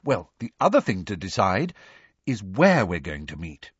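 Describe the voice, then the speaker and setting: Brief: man doing a know-it-all schoolgirl, high and lively, curt and tense; husky edge to the voice. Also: no echo, exaggerated voice. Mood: insistent. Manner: brisk, insistent, impatient. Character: bossy clever teenage schoolgirl. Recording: dry, slightly dull recording.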